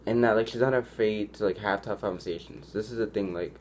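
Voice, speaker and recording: A young male vlogger with a lowish, darkish voice talks a little fast, giving his viewers loose, chatty advice. He leans heavily on "like," restarts sentences often, and acts out quoted lines. There's slight background noise.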